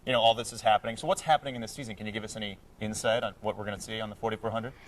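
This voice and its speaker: A man's voice: fairly low pitch, recorded from a distance, a little hiss or hum. A man hosting a TV talk show, joking his way through an interview with a guest. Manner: quick, joking, animated. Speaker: TV show host.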